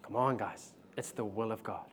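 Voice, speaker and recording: A young man, preaching a testimony sermon. He tells the story in a slangy, animated way and laughs often. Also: fairly low pitch, normal speed, background noise.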